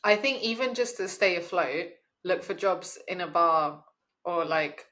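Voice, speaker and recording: Young woman co-hosting a podcast, slightly low voice, laid back and teasing. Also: expressive, a little slow, fairly bright tone. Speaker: podcast co-host. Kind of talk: casual chat.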